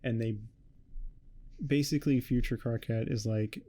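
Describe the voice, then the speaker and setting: A man giving a rambling, heavily swearing casual recap of a webcomic, tossing off quick quotes of the characters. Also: on the low side, little pitch movement, mellow. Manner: swears a lot, rambling and offhand. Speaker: host. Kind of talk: casual comic recap commentary.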